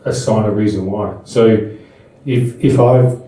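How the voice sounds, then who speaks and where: Unhurried and steady, a middle-aged man with a mellow, lowish voice talks to a live audience at a Buddhist seminar. His delivery is conversational and full of anecdotes and restarts, recorded from far away in a very echoey room.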